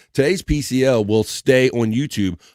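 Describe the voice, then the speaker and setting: A man's voice: mid-range voice, unhurried, darkish tone, no room sound. A man in the middle of his range hosts a live stream, rambling easily and chuckling between thoughts. His voice sits close and dry, with no room around it. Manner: rambling and laid-back, lots of fillers and chuckles. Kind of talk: casual chat.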